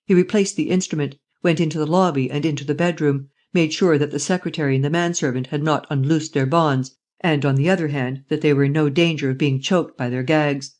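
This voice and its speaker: A man's voice: steady tone, brisk, hardly any pauses, a little mellow. A man reading a classic novel aloud as an audiobook narrator, voicing each character himself. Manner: reads every part himself, changing pitch for the characters.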